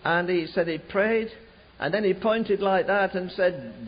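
A man preaching a sermon, telling a revival story in an animated way, slowing and rising for emphasis. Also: sits high, slightly rough. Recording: dull lo-fi recording.

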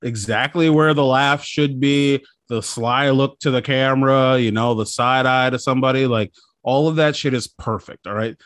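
An animated man talking casually and profanely, often dropping into quick impressions of other people. His voice sits at a middle pitch and is recorded close and dry, with no room sound around it. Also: dry recording. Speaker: podcast co-host. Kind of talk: casual chat.

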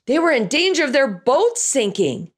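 Animated woman telling a story. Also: high-pitched, normal speed. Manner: animated, acts out lines and sound effects in voices. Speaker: children's Bible class teacher. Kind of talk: storytelling to an audience.

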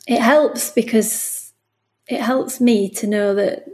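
Guesting on a podcast, this middle-aged bereavement midwife talks about her work in a relaxed interview setting. Her voice sits fairly high and is slightly mellow, and she speaks slowly. She comes across as earnest and emotional, frequently starting over and quoting exchanges as she re-enacts them.

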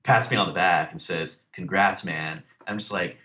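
A deep-voiced man telling a long personal story in relaxed conversation. He rambles with plenty of fillers and acts out other people's lines as he goes. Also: moderate pace. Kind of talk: casual storytelling.

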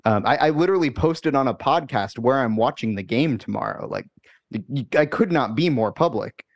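A man co-hosting a sports podcast, talking in a casual, wry, halting way. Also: medium pitch, expressive. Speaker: podcast co-host. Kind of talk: casual chat.

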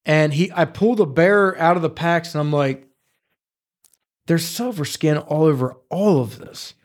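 A man telling hunting stories in casual studio chat, profane and animated. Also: fairly high pitch, measured pace. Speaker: podcast co-host.

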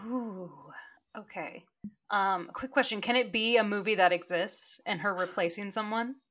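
An enthusiastic woman co-hosting a podcast, chatting casually at a medium pitch. She gushes about what she likes and breaks into laughter often. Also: moderate pace, fairly bright tone. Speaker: podcast co-host. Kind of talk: casual chat.

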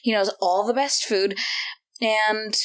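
Woman, casual podcast chat, animated storytelling, laughs often, medium pitch. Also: slow. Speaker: podcast co-host, tabletop gamer.

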